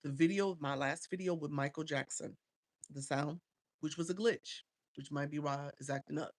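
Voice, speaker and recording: A woman's voice: deep voice, steady tone, normal speed, a little mellow, dry recording. A woman coaching live streamers, chatting casually and answering viewers by name, often repeating herself. She talks into a phone.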